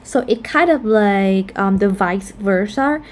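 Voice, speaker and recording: Slow, careful woman teaching phonetics. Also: mid-range voice, expressive. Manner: explanatory, repeats example words slowly. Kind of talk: casual recorded lesson.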